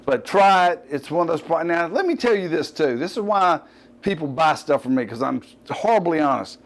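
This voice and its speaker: A middle-aged Southern man from the US Gulf Coast hosts a fitness show, talking loosely without a script. His voice runs a little high for a man, with lively intonation at a moderate pace, and he rambles, cuts himself off, and tosses in joking asides.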